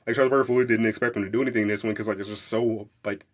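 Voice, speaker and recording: A young man hosting a casual music podcast, rambling excitedly, swearing freely and laughing as he talks. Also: lowish voice, very fast. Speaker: podcast host.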